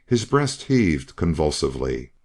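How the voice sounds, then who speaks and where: Deep slow guy reading a western audiobook, lively ups and downs. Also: gravelly. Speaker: audiobook narrator. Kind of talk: scripted narration.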